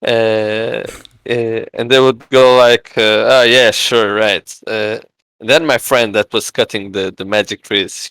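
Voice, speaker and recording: A man with a Portuguese accent chats as a podcast guest, his voice smooth and resonant. He stops and restarts often, filling gaps with "uh" as he works through a story. The sound is dry and close. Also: on the low side, fairly even intonation, a bit bright, no room sound, low-quality recording. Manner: halting, many "uh" fillers, acts out quoted voices. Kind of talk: casual storytelling chat.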